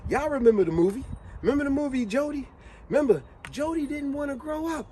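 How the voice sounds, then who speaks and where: Animated, high-voiced storytelling man. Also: quick pace, slight background noise, low-quality recording. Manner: animated, slangy retelling with lots of rhetorical questions. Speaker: motivational vlogger. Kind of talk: casual motivational storytelling.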